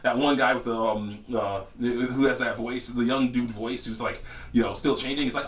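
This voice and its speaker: A young man telling a story in a casual vlog, rambling and laughing often, jumping into high voices for quotes. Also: a little fast. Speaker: vlogger. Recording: distant from the mic.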